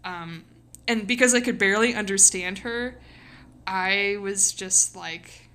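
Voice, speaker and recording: A woman's voice: mid-range voice, unhurried, bright, forceful tone, clean tone. A young woman streamer chatting casually and rambling, giggling often, with lots of fillers and a slightly sore voice. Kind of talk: casual live-stream chat.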